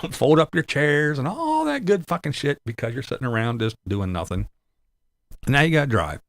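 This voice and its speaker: A man with a mid-range voice and big pitch swings talks at normal speed, with no room sound. He's a vlogger complaining in a rambling, sarcastic, casual way, swearing a lot throughout.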